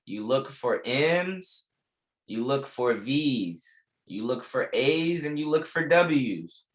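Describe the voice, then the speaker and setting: A man's voice: mid-range voice, very animated, takes it slowly. A young man teaching a live online trading class, repeating key lines with emphasis and casual slang. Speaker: trading instructor.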